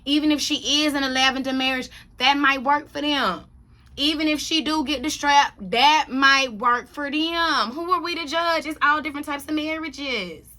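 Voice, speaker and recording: A sassy woman talks through a reality TV recap in a bright, forceful voice. Her pitch sits a little high. She is blunt and repeats her points for emphasis. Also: moderate pace. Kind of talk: casual opinionated chat.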